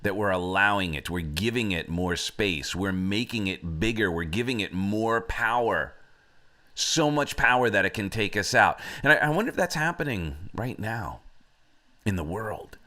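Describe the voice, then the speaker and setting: Bright-voiced man giving a motivational talk. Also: on the low side, lively intonation, normal speed. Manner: reflective, with many fillers. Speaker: host.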